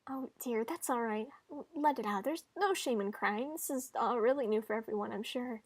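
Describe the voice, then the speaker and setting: A woman's voice: a little high, moderate pace, no echo, natural voice. Woman voicing a kind, upbeat student hero. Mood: kind, reassuring. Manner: bright, reassuring and friendly.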